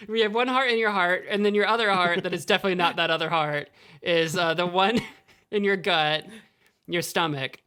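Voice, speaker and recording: Young male podcast co-host, bright tone, jokey casual banter. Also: sits high, normal speed, clear, resonant tone. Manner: playful, jokey, laughs often. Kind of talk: casual chat.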